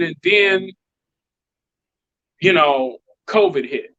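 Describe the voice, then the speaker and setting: A male DJ and producer from Chicago chats in a casual interview, animatedly acting out the voices of people in his stories. His pitch is fairly high and his pace measured, with long pauses. The recording is dry and dull, lo-fi with no room sound.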